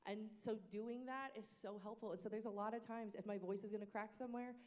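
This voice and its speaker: In a casual panel discussion about worship team practice, a woman talks animatedly and fast in a mid-range voice. Now and then she sings short phrases to demonstrate. The room is reverberant.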